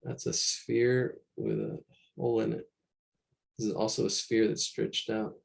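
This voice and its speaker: Working through a painting on a shared screen, an art teacher runs a live online drawing class, talking in a casual, rambling manner and repeating himself. His fairly low, creaky voice has a sing-song lilt and a measured pace. He's recorded through a computer mic during the screen share.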